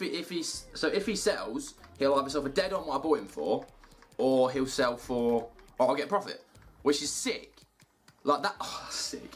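A young man giving casual commentary over gameplay, muttering to himself and cheering loudly at good results. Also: mid-range voice. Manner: excitable, shouts and cheers at good packs. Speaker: gaming YouTuber.

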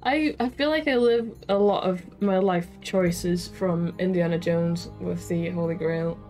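A woman playing through a gamebook in casual chat, excitable and quick to laugh and swear, with faint music behind. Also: lowish voice. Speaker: gamebook co-player.

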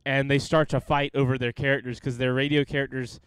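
A man co-hosting a casual podcast, his voice smooth and resonant, jokey and loose with swearing. The sound is close and dry, with no room around it. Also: medium pitch, little pitch movement, brisk, dry recording. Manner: joking, swears often. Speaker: podcast co-host. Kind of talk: casual chat.

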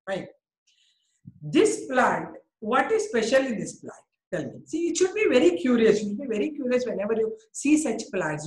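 A woman's voice: on the high side, echoey room, rough recording. A woman with an Indian English accent teaching a biology class, coaxing students and praising them by name.

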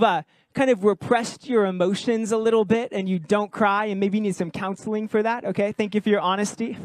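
A man's voice: high voice, no room sound. A man preaching a sermon as pastor, talking in a conversational, jokey way and asking the congregation questions. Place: church service with congregation.

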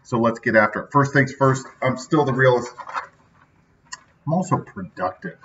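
A man's voice: mid-range voice, lively intonation, moderate pace, a bit bright, a little hiss or hum. Upbeat chatty man, slightly distant and dull. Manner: upbeat, chatty, with many filler asides. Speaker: podcast host. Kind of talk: casual daily motivational talk. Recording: dull sound from slightly off mic.

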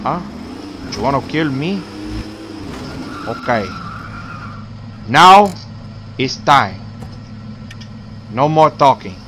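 Man putting on a gangster boss, lively swings, bright voice, slow menacing delivery. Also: medium pitch, slight background noise, full character voice. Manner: broken English, profane threats, shouting bursts. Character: hot-tempered male gangster boss, threatening. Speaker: gameplay commentator. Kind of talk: in-character game commentary.

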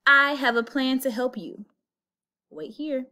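A woman's voice: high-pitched, measured pace, pushed and bright, pitched above the performer's own voice, heavily acted. Cocky clever storybook cat, woman reading him, schemy and showy. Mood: sly. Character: clever boastful talking male cat.

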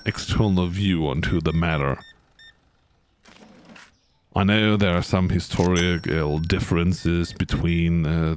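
A man's voice: deep voice, darkish tone. A man streaming a game, chatting casually and playfully with his viewers in a rambling way. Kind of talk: casual live-stream chat.

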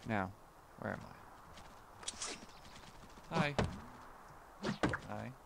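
A man's voice: on the low side, animated, very slow, vocal fry, background noise. A man casually commenting on his gameplay as a let's play host, chatty and rambling, often correcting himself. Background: game music.

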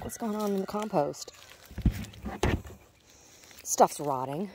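A woman's voice: medium pitch, lively intonation, takes it slowly, background noise. A woman vlogging casually as she walks her backyard garden, muttering to herself and cooing at her chickens. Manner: chatty, muttering to herself, sing-song baby talk to animals.

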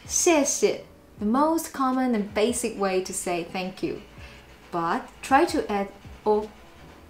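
A Taiwanese-accented woman, a native Mandarin speaker, teaches a language lesson, repeating sample phrases with playful, exaggerated intonation. Her mid-range voice is animated and unhurried, with long pauses, and the recording has a roomy echo.

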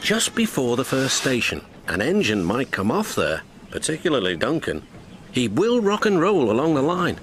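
A man's voice: mid-range voice, huge pitch swings, normal speed, a bit bright, slight background noise. A man voicing a humble, hard-working little male diesel engine who talks in an earnest, modest way. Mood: worried.

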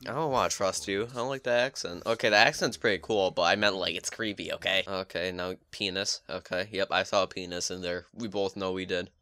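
A man doing excitable gameplay commentary, joking to himself and yelping whenever he is startled. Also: sits low, brisk, few pauses, no echo. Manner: excitable, yelps and shrieks when startled; jokey, self-mocking asides. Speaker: gaming YouTuber.

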